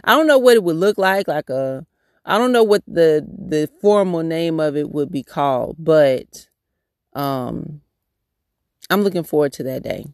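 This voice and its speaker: A man with a fairly high, creaky voice hosts a devotional podcast, speaking a little slowly and expressively. He prays in a repetitive cadence and chats casually, restarting his sentences now and then, in a dry, studio-quality recording with no echo.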